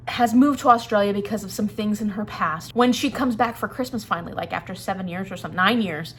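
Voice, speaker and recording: A woman's voice: medium pitch, fairly bright tone, a little hiss or hum. A woman chatting casually about books in a vlog, rambling a little and laughing often. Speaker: book vlogger. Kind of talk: casual chat.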